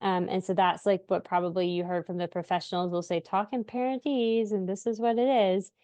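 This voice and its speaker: A woman's voice: lowish voice, fairly even intonation, fairly quick, a little mellow, no room sound. A woman in her thirties, a parent of deaf children, giving parenting tips in a casual, chatty way, full of filler words and frequent laughs. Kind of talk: casual instructional talk to camera.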